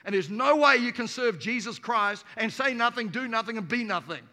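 Kiwi pastor preaching hard, punchy and playful, bright sharp voice bouncing around a big hall. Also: male voice, very high voice, lively intonation, moderate pace. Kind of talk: energetic sermon. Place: large church auditorium. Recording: reverberant hall.

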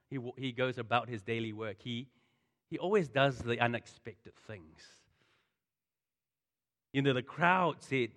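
Guy preaching, casual storytelling sermon, lots of asides, mid-pitched, echoey hall. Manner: conversational, animated, full of asides. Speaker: pastor. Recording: long hall reverb.

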